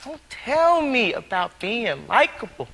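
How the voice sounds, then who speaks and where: A man's voice: extremely high pitch, sing-song, slow, gravelly, a bit bright, in a large hall. A man musing earnestly and philosophically, rambling from idea to idea in an interview.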